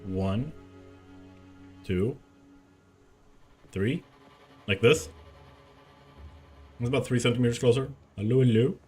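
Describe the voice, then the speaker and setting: A man's voice: mid-range voice, takes it slowly, pauses often, a little mellow, faint music behind. A man live-streaming a game from a room at home, chatting casually and rambling while he tests and moves his desk mic. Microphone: desk mic, moved around while talking.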